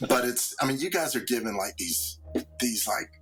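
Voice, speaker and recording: A man on a podcast with a lively, swinging voice and a wry, teasing manner. He sometimes turns playfully theatrical, and faint music sits in the background. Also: mid-range voice, normal speed. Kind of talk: casual chat.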